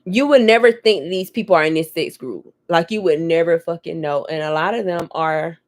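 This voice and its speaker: A woman vlogging at home, telling stories in a candid, profane, lively way. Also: lowish voice, moderate pace. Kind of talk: casual chat to camera.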